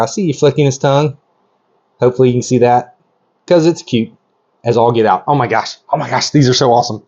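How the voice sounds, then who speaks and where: A middle-aged man hosting a vlog, giving hands-on commentary in an excitable, rambling way that keeps interrupting itself. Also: medium pitch. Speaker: reptile breeder host. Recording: slightly dull lo-fi audio.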